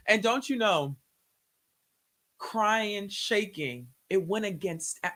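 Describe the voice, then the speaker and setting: A woman telling an emotional personal testimony in a conversation, animated and acting out the words in quotes. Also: mid-range voice, slow, long pauses. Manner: animated, acts out her own and others' words in quotes. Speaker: guest sharing a testimony.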